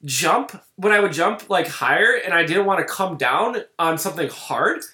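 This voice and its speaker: A man's voice: high voice, lively intonation, normal speed, bright, forceful tone, roomy sound. A man co-hosting a casual podcast, talking bluntly and with exasperation, swearing now and then. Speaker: podcast co-host.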